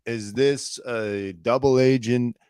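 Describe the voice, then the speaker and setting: A man's voice: medium pitch, slow, clear, resonant tone, no room sound, clean studio sound. A man hosting a commentary show, sarcastically mocking a news clip and laughing. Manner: sarcastic, laughing, animated mockery. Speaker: show host.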